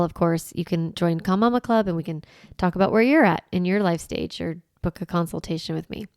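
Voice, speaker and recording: A woman's voice: medium pitch, creaky, darkish tone, smooth, no room sound, clean studio sound. A woman in her forties hosting a solo podcast, talking in an earnest, reflective way with light laughs. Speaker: podcast host.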